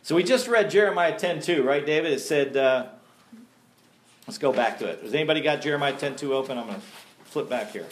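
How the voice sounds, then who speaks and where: A man's voice: on the high side, fairly quick. Folksy male Bible teacher, echoey room. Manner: folksy, emphatic, laughs at own jokes. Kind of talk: teaching sermon.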